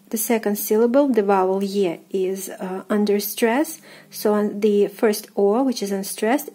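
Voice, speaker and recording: In this pronunciation lesson, a language teacher who is a native Russian speaker, with a Russian accent, says each word over and over with patience, filling gaps with hesitant fillers. She speaks unhurriedly in a mid-range voice that's dark-toned with a breathy edge.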